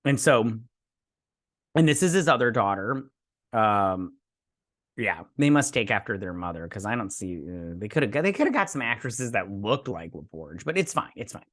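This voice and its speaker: A man's voice: fairly low pitch, big pitch swings, moderate pace, fairly bright tone, dry recording, clean studio sound. A man hosting a casual episode review, rambling and hesitant, with lots of fillers and restarts, and often poking fun at his own memory. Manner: self-deprecating. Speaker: show host reviewing a TV episode.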